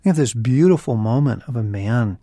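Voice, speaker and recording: A man's voice: medium pitch, expressive, brisk, dark tone, dry recording, clean studio sound. A man co-hosting a podcast conversation, talking about faith and suffering in an earnest, emphatic, preacherly way. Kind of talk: conversational Christian teaching.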